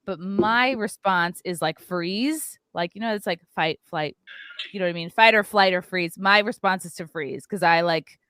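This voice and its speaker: A woman, hosting a podcast and telling a story in a lively chat, acting out the voices of the people in it. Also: lowish voice, normal speed, clean tone, no echo, clean studio sound. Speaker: podcast host.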